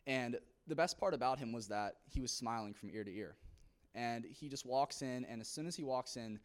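A man's voice: medium pitch, normal speed. A young man from a church youth group giving an earnest testimony to a congregation, telling his story with many fillers.

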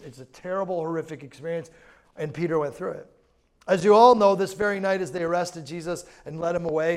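Chatty preacher man, fairly high voice. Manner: informal, chatty asides. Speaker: pastor. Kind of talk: conversational sermon.

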